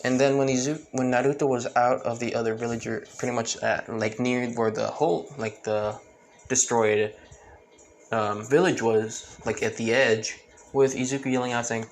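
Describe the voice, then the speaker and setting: A man's voice: medium pitch, level tone, normal speed, a little hiss or hum, low-quality recording. A man improvising a fan story, rambling with many fillers and restarts.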